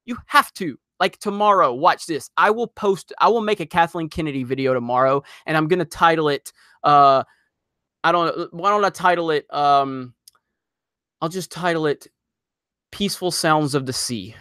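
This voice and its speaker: Guy ranting on his livestream, kinda high voice, super dry close mic. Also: dry recording. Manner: exasperated, loud, rapid rants. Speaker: host of a live stream. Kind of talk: ranting live-stream commentary.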